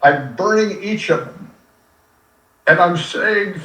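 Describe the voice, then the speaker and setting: An older man, a radio veteran, talks in an animated and earnest way, sometimes close to tears. His voice sits a little high. The sound is roomy and reverberant, recorded from a distance. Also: slow pace, long pauses. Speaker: radio personality guest. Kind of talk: conversational interview, storytelling. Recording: echoey room, distant from mic.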